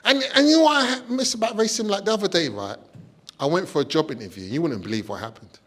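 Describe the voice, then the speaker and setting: A man doing a stand-up comedy set, deadpan setups with loud high punchlines. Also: quick pace. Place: stage before a live audience.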